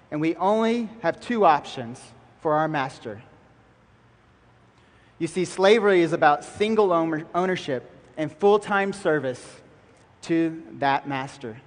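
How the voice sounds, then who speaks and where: Emphatic preaching man in a reverberant hall. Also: a little high. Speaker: pastor. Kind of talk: sermon.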